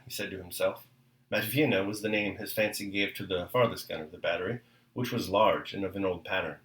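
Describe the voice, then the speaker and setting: Low-voiced man reading a novel aloud. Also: fairly bright tone, reverberant, rough recording. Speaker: reader and host of a daily reading podcast. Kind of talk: literary reading and reflection.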